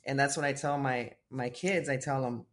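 A man who coaches tennis, chatting casually about faith and telling lively stories with acted-out voices. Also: mid-range voice, moderate pace. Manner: animated storytelling, acts out voices of kids and God. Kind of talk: casual faith-based conversation.

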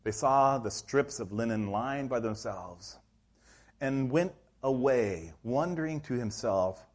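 A male pastor preaching a sermon in a church, telling the story in a lively, acted-out way. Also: mid-range voice, slow. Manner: animated storytelling, acts out scenes.

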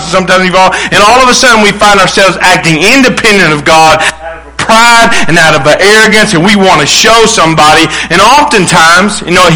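A man preaching with a high, bright voice. He drives his points hard and slips into the voices of the people he quotes. His sermon rolls on at a quick pace. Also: low-quality recording. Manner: emphatic preaching, acts out quoted voices, restarts. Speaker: pastor.

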